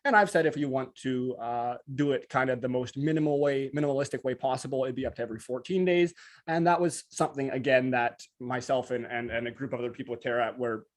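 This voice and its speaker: A man co-hosting a casual live stream, talking very fast with many restarts, over a video call. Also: mid-range voice, fairly even intonation. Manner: very fast talker, restless restarts. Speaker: co-host.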